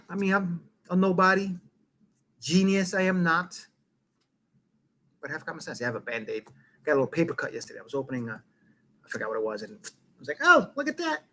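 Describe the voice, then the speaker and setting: A middle-aged man hosting a casual live stream, rambling and swearing, with loud bursts that drop to muttering. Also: high voice. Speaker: live-stream show host.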